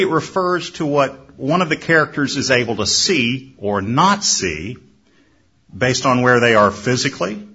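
A man preaching a sermon in measured, storytelling delivery with dramatic pauses. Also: mid-range voice, a bit bright, slightly rough. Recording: dull lo-fi recording.

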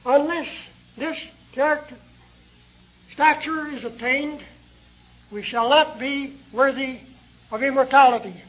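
Slow, high-voiced older male preacher. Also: steady tone, muffled recording. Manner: slow, measured, earnest delivery with rhetorical questions. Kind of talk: sermon.

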